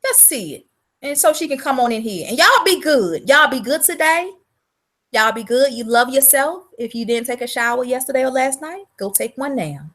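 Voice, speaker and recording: A high, bright-voiced woman with a drawl talks into her livestream in a loose, chatty way. She's blunt and profane, calling out viewers by name as she goes. Her tone stays sharp and forward throughout. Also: very animated, moderate pace. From South Carolina. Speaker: livestream host selling womb-care products. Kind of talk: casual livestream chat.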